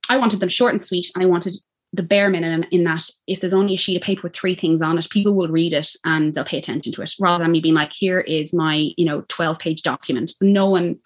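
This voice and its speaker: Lively Irish woman with a lowish voice. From Ireland. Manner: animated, acts out quoted speech, quick laughs. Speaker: podcast guest. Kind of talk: personal birth story, casual chat.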